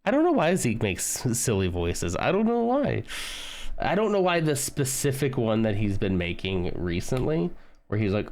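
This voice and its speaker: A man's voice: mid-range voice, very animated, normal speed, darkish tone. A man casually chatting with viewers on a live stream while building a model kit, rambling and humming tunes as he works.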